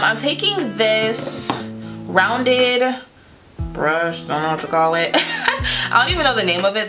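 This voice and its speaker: A young woman chatting casually through a makeup tutorial, playful and loose, with lots of fillers and small laughs. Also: medium pitch. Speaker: beauty vlogger. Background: guitar music.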